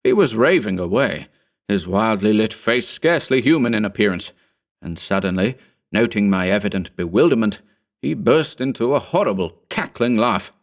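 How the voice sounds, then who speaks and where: Low guy reading a creepy horror story, slow and brooding. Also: expressive. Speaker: audiobook narrator. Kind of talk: scripted horror narration.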